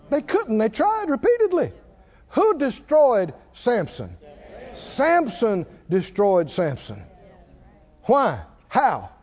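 A man's voice: high voice, darkish tone. A man preaching a sermon in a church, asking rhetorical questions and drawing responses from the congregation. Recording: muffled lo-fi recording.

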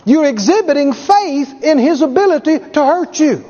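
A man preaching a sermon with emphatic delivery, acting out quoted voices and rising to shouts. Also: very high-pitched, expressive, normal speed. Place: large church hall. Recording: lo-fi hall recording with audience. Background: congregation.

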